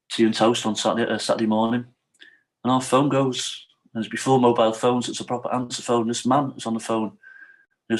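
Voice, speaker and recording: A middle-aged man, a podcast guest telling his personal story in an earnest, emotional way, acting out what others said. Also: mid-range voice. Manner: emotional, earnest, acts out quoted dialogue.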